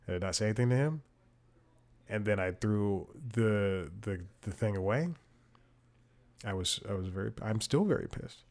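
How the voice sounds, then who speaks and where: Young male podcast host, lowish voice, casual rambling delivery, full of restarts. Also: vocal fry, darkish tone. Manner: rambling, frequent restarts and asides, frustrated. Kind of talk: casual chat.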